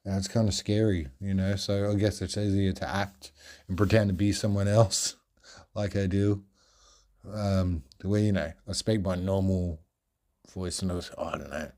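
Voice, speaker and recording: A man with an Australian accent hosting a podcast, telling stories in a projected, animated and carefully clear voice, rambling with many fillers. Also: low-pitched, moderate pace. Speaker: podcast host. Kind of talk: storytelling monologue.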